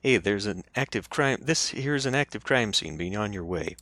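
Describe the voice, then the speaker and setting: A man's voice: fairly low pitch, expressive, normal speed, fairly bright tone, no room sound. A man voicing a pushy middle-aged male city cop with a thick Brooklyn accent, reading a game aloud. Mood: brusque.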